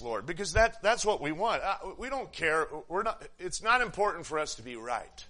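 A man preaching a sermon in an animated way, laughing often and repeating words as he goes. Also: high-pitched.

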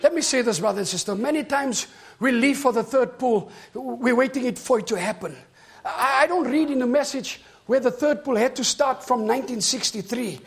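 A man preaching a sermon. He tells a story and then builds to shouted, rhythmic preaching. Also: very high voice, moderate pace.

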